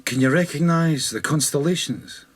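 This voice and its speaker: A man with a Scottish accent playing a bewildered Highlander adrift in space, speaking a searching ad-lib for a rock opera. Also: moderate pace, husky. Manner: searching, wondering ad-lib speech.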